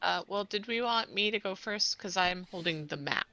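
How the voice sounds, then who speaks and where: Casting note: woman player with a bright, crisp voice, playful and giggly casual chat at the game table. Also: mid-range voice, normal speed, low-quality recording.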